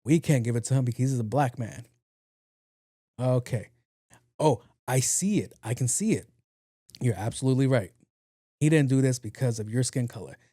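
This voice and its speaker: A man hosting a podcast in a casual monologue, talking low and evenly, blunt and profane. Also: normal speed, pauses often, no room sound, studio quality. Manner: low-key, talks in a low even voice. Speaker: podcast host.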